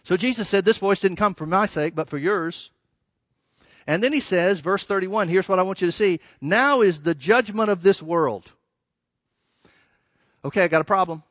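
A man's voice: sits high, a bit bright, dry recording, studio quality. A man preaching a sermon, reading verses and explaining them with emphatic rises and dramatic drops. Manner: emphatic, rising and falling, with dramatic pauses.

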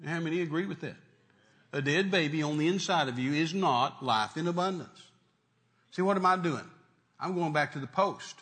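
A man preaching a sermon in an emphatic, repetitive style that builds to loud declarations. His voice sits a little high for a man. He drives his points home by repeating them. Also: moderate pace.

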